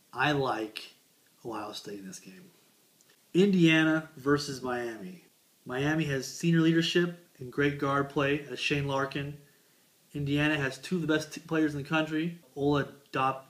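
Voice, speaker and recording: A man doing casual comedic sports commentary, picking tournament games with deadpan, rambling asides. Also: a little high. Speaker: bracket picker.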